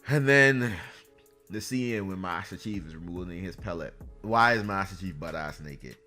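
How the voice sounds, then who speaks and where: A man's voice: sits low, lively intonation, moderate pace, sharp tone, faint music behind. A man giving an exasperated, sarcastic ranting review of a video game series.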